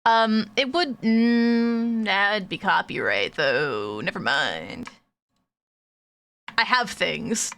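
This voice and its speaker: A woman's voice: mid-range voice, lively intonation, slow pace, a bit bright. Woman player, casual, chatty, trails off. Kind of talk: casual chat.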